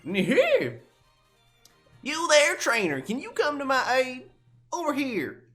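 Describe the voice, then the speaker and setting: A bold young country gal with a put-on Southern drawl, as a man reads her lines. She talks loud and folksy, pitched high above his own voice. A faint music bed plays behind her. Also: wildly swooping pitch, slow, heavily acted.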